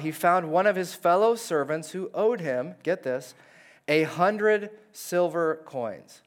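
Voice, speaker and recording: A man preaching a sermon in a conversational way, reading verses and acting out the characters' lines in lively voices. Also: on the high side. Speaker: pastor.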